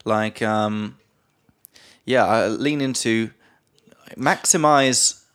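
A man from England with an English accent, co-hosting a podcast in jokey, excitable casual chat. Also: mid-range voice, quick pace. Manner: excitable, jokey, laughs often. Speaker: podcast co-host.

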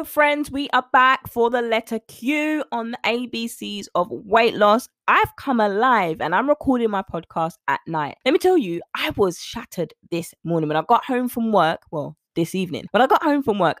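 A woman's voice: fairly high pitch, no room sound, studio quality. A woman hosting her own nutrition coaching podcast, talking chattily and animatedly to her listeners and laughing often. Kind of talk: casual solo podcast monologue.

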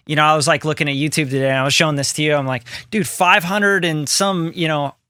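Bright, lively podcast co-host man. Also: on the high side, very fast, clean tone, no echo, clean studio sound. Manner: animated, swearing, quotes people in put-on voices. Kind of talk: casual podcast chat. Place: home studio room.

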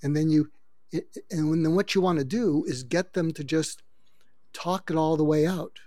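A man's voice: a little high, moderate pace, mellow, dry recording, clean studio sound. An older man, a guest expert, explaining how to handle conflict in a coaching, advice-giving way. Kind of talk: advice-giving interview talk.

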